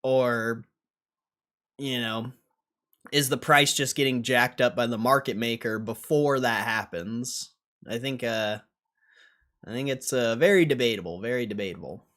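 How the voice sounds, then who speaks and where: A young man talks on his livestream in a loose, offhand way, swearing as he reacts. He drifts between low mumbles and sudden loud outbursts. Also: steady tone, takes it slowly, long pauses. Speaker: stock streamer. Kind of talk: casual livestream commentary.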